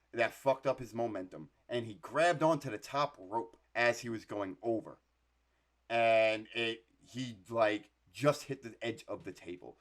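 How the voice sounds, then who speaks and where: A man co-hosting a podcast, telling stories in an animated way, swearing freely and laughing often. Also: mid-range voice. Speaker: podcast co-host. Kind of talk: casual podcast chat.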